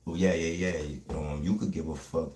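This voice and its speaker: Fast-talking New man, very deep. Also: fairly even intonation, darkish tone, reverberant. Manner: fast-talking, streetwise, keeps saying "you heard me". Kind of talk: casual livestream talk.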